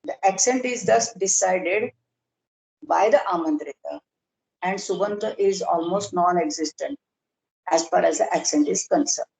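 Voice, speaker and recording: A woman lecturing on grammar in a workshop, explaining slowly and deliberately with pauses and fillers. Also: lowish voice, gravelly, a little mellow. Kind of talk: academic lecture in an online workshop. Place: video call. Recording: roomy echo.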